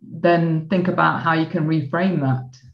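A woman's voice: deep voice, fairly even intonation, unhurried, gravelly. A woman hosting an interview, reacting and thinking aloud with fillers. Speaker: interview host. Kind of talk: casual conversation. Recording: roomy, dull lo-fi audio.

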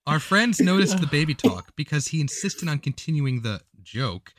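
Lively man reading a story aloud. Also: fairly high pitch, normal speed, slight background noise. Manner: animated, breaks into laughter. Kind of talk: comedic reading of an online post.

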